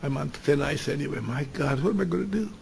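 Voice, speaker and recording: A man's voice: fairly high pitch, quick pace, creaky, a little mellow, slight background noise. A man voicing an anguished middle-aged male doctor who drinks, speaking with pleading, emotional exclamations.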